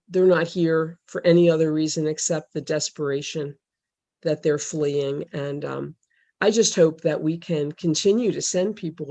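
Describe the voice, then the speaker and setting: A religious sister on a video call, telling her experiences in an earnest, halting way with many pauses. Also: low-pitched, warm tone. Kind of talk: personal testimony on a video call.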